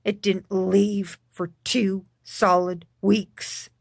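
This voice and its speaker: A woman talking casually in a personal vlog, halting with frequent restarts and repeating words for emphasis. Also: mid-range voice, flat delivery, creaky, no room sound, studio quality. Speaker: vlogger.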